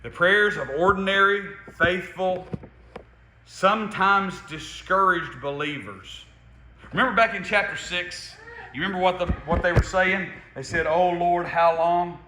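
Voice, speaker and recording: High, bright-voiced preacher in an echoey hall. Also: male voice, measured pace, a little hiss or hum. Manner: conversational preaching with wide swings in loudness and pitch. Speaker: pastor. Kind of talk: sermon. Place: church sanctuary.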